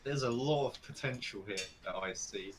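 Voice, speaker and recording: Man, casual rule explainer, faint hiss behind, mid pitch. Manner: explains rules with quick restarts. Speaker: player running the game round. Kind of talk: casual chat over voice call.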